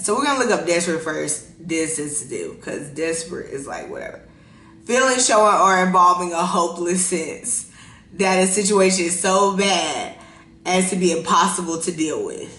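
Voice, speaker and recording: A woman in her thirties hosting a podcast, talking in a profane, laughing, animated way, with a casual and unfiltered delivery. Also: fairly low pitch, echoey room. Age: 30s. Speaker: podcast host.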